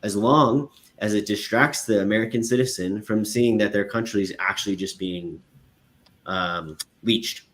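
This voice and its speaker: A man's voice: lowish voice, moderate pace, fairly bright tone. A man on an online panel, asking long, rambling questions full of fillers. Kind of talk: casual debate chat.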